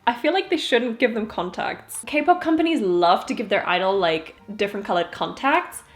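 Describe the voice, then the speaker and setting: A woman's voice: on the high side, animated, moderate pace, soft background music. A woman in her twenties, chatty and giggly, talking casually through a collection with joking asides. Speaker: vlogger. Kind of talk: casual album walkthrough.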